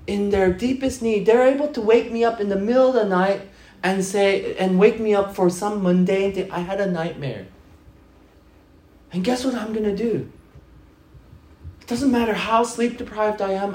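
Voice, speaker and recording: A middle-aged male pastor with a high-sitting voice preaches a sermon in an echoey room. He tells stories animatedly, acting out the people in them and voicing their quotes.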